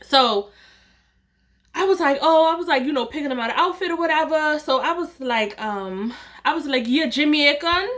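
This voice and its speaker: In an animated, normal-paced storytime, a young vlogger chats right to her viewers with a slightly high, bright, forceful voice. She's loose and playful, constantly cracking herself up.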